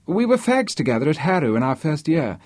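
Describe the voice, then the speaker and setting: A diffident young gentleman with a bright, lifted voice and a husky edge, as a male reader puts him on. He chats politely and eagerly, with plenty of lift in his lines. The recording is dry and close. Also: a little high, very animated, brisk, no room sound, voice pushed up. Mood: eager, chatty.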